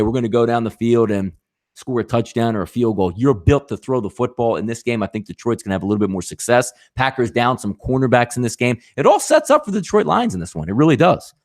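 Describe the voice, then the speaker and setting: A man's voice: mid-range voice, very animated, fast talker, few pauses. A man hosting a live sports betting show, talking animatedly with rhetorical questions and addressing viewers as folks.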